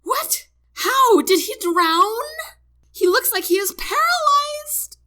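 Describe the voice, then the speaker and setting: A woman voicing a crying, hysterical wife whose voice shrieks and jumps high. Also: very animated, takes it slowly, bright, forceful tone, exaggerated voice. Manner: shrill, sobbing, voice jumping high.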